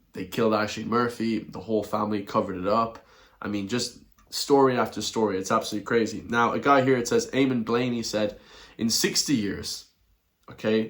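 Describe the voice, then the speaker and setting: A man doing a blunt, repetitive rant in a video commentary, chuckling between his points. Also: on the low side. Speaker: online commentator.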